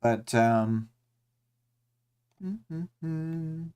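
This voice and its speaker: A man's voice: a little high, extremely slow, darkish tone, smooth. A man hosting a casual livestream discussion, recapping a story with many ums and uhs and putting on voices for quoted lines. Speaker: podcast host.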